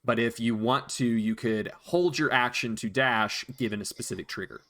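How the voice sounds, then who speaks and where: A man's voice: medium pitch, moderate pace, sharp tone. A man acting as dungeon master, patiently explaining rules and counting out moves in casual chat. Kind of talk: narrating a tabletop game.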